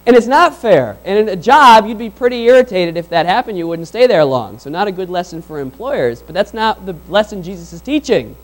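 A pastor with a high voice for a man delivers a sermon. He talks in a conversational, animated way and briefly acts out the people he describes. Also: a little fast, few pauses, rough recording.

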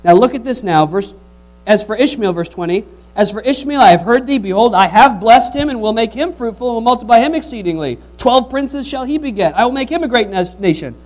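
Guy preaching, pretty high voice, lots of questions to the crowd, mains hum behind. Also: brisk, rough recording. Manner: animated, asks the congregation questions, reads scripture aloud. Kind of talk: sermon.

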